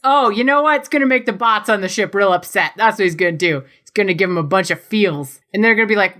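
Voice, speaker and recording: Giggly bright-voiced woman podcaster. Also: medium pitch, quick pace, few pauses. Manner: giggly, animated storytelling. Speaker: podcast co-host. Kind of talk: casual game chat.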